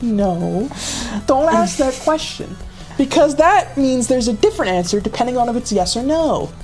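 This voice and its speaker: A woman co-hosting a casual livestreamed board game, excitable and teasing, laughing often. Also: high-pitched, normal speed, faint music behind. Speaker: streamer co-host.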